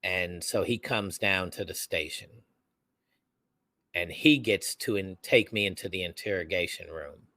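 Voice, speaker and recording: Lowish, very bright-toned male co-host. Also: measured pace, no room sound. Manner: animated, acts out quoted voices. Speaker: podcast co-host. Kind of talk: casual storytelling.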